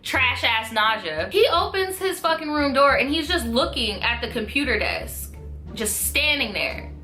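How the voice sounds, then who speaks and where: A woman in her twenties telling a storytime vlog in an animated, profane, slangy way. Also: high voice, unhurried, soft background music. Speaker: vlogger.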